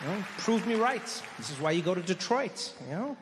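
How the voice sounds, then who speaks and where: Guy doing standup, kinda high voice, echoey hall, faint crowd hum. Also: fairly quick. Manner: animated storytelling, frequent stammered restarts. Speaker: stand-up comedian. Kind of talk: stand-up comedy set. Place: large comedy stage with audience. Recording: live show in a reverberant hall with faint crowd noise.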